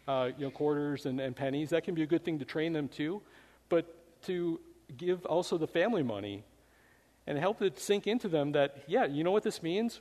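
A man's voice: on the high side, a little mellow. A man preaching a sermon in a church, speaking conversationally with many "you know" fillers. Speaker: pastor. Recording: long hall reverb.

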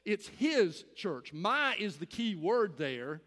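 A man's voice: high-pitched, very animated, slow, fairly bright tone. A man in his fifties preaching a sermon as a pastor, earnest, asking rhetorical questions and building to emphatic exhortation. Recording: long reverb of a large hall.

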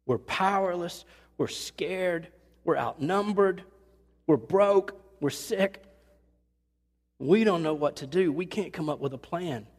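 A man preaching in a church, talking to his congregation in an earnest, conversational way and slipping into voices when he quotes someone. His voice sits a little high, and it carries a long reverb from the hall around him. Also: animated, unhurried, breathy edge. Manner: earnest, conversational, acts out quotes with rising pitch. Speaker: pastor. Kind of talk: sermon. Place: church sanctuary.

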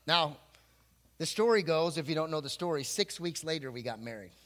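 A man's voice: fairly high pitch, a little fast. A middle-aged man, a pastor, telling stories in a humorous sermon and acting out quotes in playful voices. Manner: jokey, animated, acts out quotes in voices. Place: church before a congregation.

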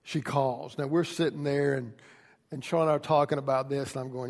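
Gravelly preacher in a reverberant hall. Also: male voice, mid-range voice, fairly even intonation, normal speed. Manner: builds from quiet teaching to shouted pleading. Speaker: pastor. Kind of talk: sermon.

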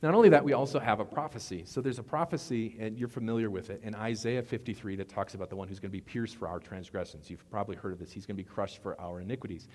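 Low-voiced pastor in a reverberant hall. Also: male voice, fast talker, hardly any pauses. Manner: conversational, animated storytelling with asides to the congregation. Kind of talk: casual sermon. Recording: long reverb of a large hall.

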